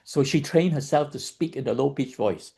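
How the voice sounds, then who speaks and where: Speaking at medium pitch and normal speed, this meditation teacher has a gravelly, dark, slightly rough voice. During his dharma lesson he patiently repeats points and restarts phrases, often pausing to ask listeners "okay?" or "right?"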